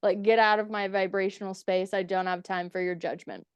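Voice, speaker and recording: A woman's voice: medium pitch, fairly even intonation, a little fast, clear, resonant tone, no echo, dull audio. A young woman telling stories as a podcast guest, candid and profane, acting out what people said. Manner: candid, profane, acts out quoted dialogue. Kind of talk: casual storytelling interview.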